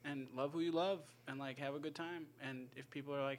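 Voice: medium pitch, steady tone, a little fast, slight background noise. A podcast co-host in casual comedic chat, laid-back and jokey with a slacker drawl of "like" and "dude.".

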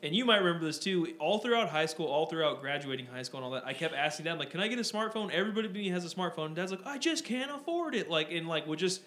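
Young male podcast co-host, quick and rambling, profane, roomy echo. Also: a little high, a bit bright. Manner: rambling, swears freely, many fillers. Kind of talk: casual chat. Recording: echoey room with faint ambient noise.

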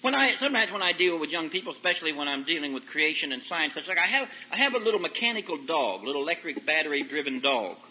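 A man preaching a folksy sermon to young people, telling stories and rising to loud emphatic peaks. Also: fairly high pitch, quick pace, hardly any pauses, a little hiss or hum, poor audio. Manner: folksy, animated storytelling with sudden loud rises. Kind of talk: sermon to a youth service. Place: camp meeting service. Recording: old 1990s radio broadcast recording.

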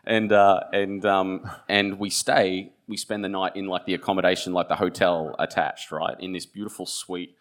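An Australian man in his thirties, an author telling stories from his life and reading from his book, with many halting restarts and fillers. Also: low voice, little pitch movement. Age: 30s. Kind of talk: author talk with a reading aloud.

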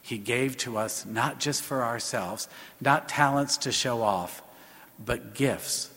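A man preaching as a parish priest, retelling a personal story in an unhurried way and repeating what he was told. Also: mid-range voice, creaky, fairly bright tone. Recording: long church reverb.

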